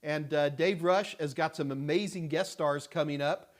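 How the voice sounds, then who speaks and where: A middle-aged man hosting a casual live-stream Q&A, talking in a rambling, halting way with many fillers and restarts. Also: a little high. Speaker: host answering viewer questions.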